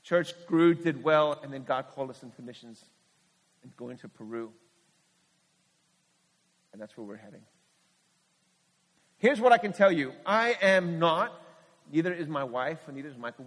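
A man's voice: mid-range voice, expressive, normal speed, long pauses. A middle-aged man, a missionary pastor, giving a candid testimony in a sermon at church, telling his story earnestly with frequent restarts. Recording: long hall reverb.

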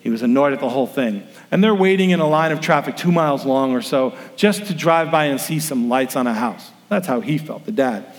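A man's voice: medium pitch, animated, a little fast, few pauses. A man preaching a sermon as pastor, telling stories and acting out the people in them. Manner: storytelling, acts out quoted voices. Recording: long reverb of a large room.

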